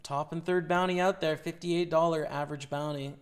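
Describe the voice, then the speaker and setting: A man's voice: fairly high pitch, steady tone, fairly quick, clean tone. A man with a Canadian accent commentating his own poker play on a live stream, chatting casually and hyping up his viewers. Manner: casual, hyped shout-outs to chat.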